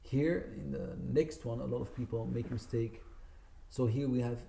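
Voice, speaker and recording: A man with a creaky, mellow, medium-pitched voice and fairly even intonation speaks at normal speed. He teaches Quran recitation in a community centre room with echo, patiently correcting frequent mistakes and drawing out sample words.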